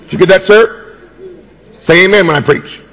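A man's voice: sits high, normal speed, vocal fry, a bit bright, in a large hall. A man preaching a sermon as pastor, emphatic and jokey, repeating key words and calling for responses.

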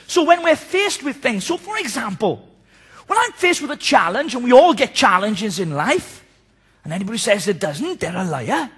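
Male preacher with a very high, bright voice who tells animated stories. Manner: animated, storytelling, mimics people. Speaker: pastor. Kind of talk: sermon.

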